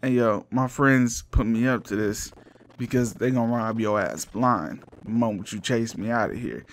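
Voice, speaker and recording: A man's voice: lowish voice, moderate pace, slight background noise, lightly acted. A man voicing a small, nervous hairy male thief who stammers and backpedals. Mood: confiding. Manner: jittery, backpedaling.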